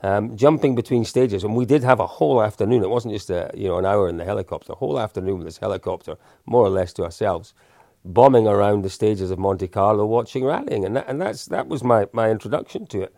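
Creaky-voiced man telling stories. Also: on the low side, quick pace, darkish tone, no echo, clean studio sound. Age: 50s. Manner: anecdotal, self-deprecating, with frequent restarts and chuckles. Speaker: interview guest. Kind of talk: casual storytelling in an interview.

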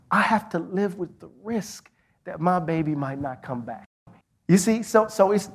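A man's voice: a little high, slightly rough. A middle-aged man speaking as a guest in a live onstage conversation, telling a story with passion and restarting his sentences often. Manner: impassioned storytelling with repeated restarts. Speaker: guest, professor.

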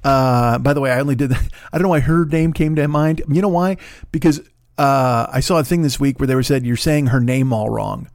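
A man with a fairly high voice talks fast as he hosts a podcast from his apartment in Los Angeles. He delivers a casual comedic monologue full of profane, rambling, animated rants. The recording is dry, with clean studio sound.

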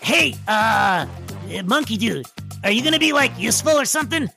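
A man doing a gravelly, bright-voiced cocky bug kid. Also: very high voice, animated, moderate pace, music in the background, exaggerated voice. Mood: flippant. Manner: flippant, slangy, impatient. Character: cocky bug-powered teen boy.

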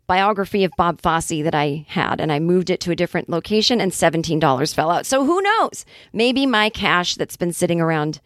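A woman in her forties hosting a comedy podcast, telling a casual monologue in a chatty, wry way with quick acted-out asides. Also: fairly low pitch, dry recording, clean studio sound. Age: 40s. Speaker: podcast host.

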